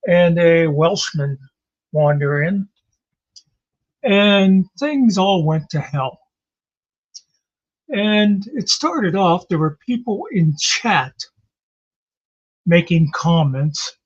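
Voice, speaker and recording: A man with a high voice talks slowly and loosely, rambling through a sarcastic recap with the odd swear word. The sound is a bit dull and lo-fi, like a home setup. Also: expressive. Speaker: commentary channel host. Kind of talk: casual recap commentary. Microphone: home mic, off camera.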